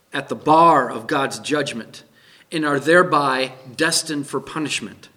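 High, bright-voiced male preacher. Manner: emphatic, asks the congregation questions. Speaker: pastor. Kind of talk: sermon.

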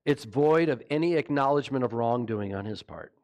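A pastor preaching a sermon, animated and mocking, firing rhetorical questions at his listeners. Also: mid-range voice, brisk.

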